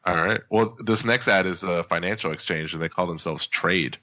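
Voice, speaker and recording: A man's voice: low-pitched, moderate pace, bright, forceful tone. A man co-hosting a podcast, reading sponsor ads and chatting in a dry, matter-of-fact way. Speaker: podcast co-host. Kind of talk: casual chat and read ad.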